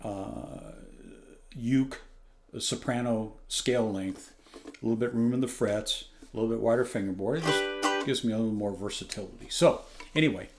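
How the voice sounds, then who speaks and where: A man's voice: fairly low pitch, normal speed, faint music behind. Man reviewing ukulele, rambling and keen. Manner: rambling, self-correcting, enthusiastic. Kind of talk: casual spoken product review. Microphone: external phone microphone.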